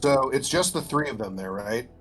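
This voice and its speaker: A man's voice: mid-range voice, lively intonation, moderate pace, a bit bright, faint music behind. A man playing a tabletop game, asking checking questions in casual chat. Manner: asks checking questions about rules. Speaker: player.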